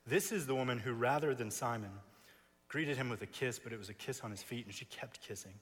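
A man's voice: medium pitch, a little fast, a bit bright, slightly rough. A man preaching an expository sermon in a seminary chapel, building his points with emphatic repeated phrases. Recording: long reverb of a chapel.

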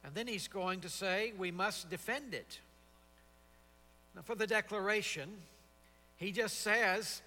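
Man, high-pitched and bright, preaching with emphatic repeated phrases; chapel reverb. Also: measured pace, long pauses, faint music behind. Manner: expository, emphatic repetition. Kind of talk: sermon. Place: seminary chapel.

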